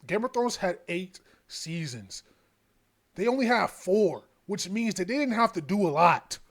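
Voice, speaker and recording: A man's voice: high voice, expressive, unhurried. A man reacting to a show in a casual, exasperated way, slangy and swearing. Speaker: show reviewer.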